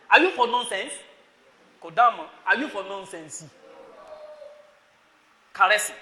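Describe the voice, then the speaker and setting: Nigerian preacher with a high, bright voice. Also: male voice, expressive, normal speed, pauses often. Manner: scolding, rhetorical questions, calling on listeners by name. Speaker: preacher to students. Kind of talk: sermon. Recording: echoey hall.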